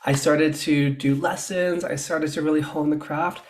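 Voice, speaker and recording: Chatty storytelling man, fairly high voice. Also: moderate pace. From Canada. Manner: chatty, animated storytelling with acted quotes. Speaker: guest, fashion stylist. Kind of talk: casual interview chat.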